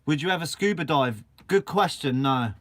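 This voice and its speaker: A man's voice: on the high side, animated, moderate pace, fairly bright tone. Chatty upbeat man from Guernsey. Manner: chatty and upbeat, swears casually. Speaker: fishing channel host answering live chat. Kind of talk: casual live-stream chat. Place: shed.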